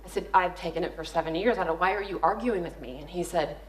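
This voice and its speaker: A woman's voice: fairly low pitch, fast, a little hiss or hum. Candid woman telling stories on stage. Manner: comic, candid, acts out quoted voices. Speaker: conference speaker. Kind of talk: storytelling talk on stage. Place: conference hall. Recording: echoey hall.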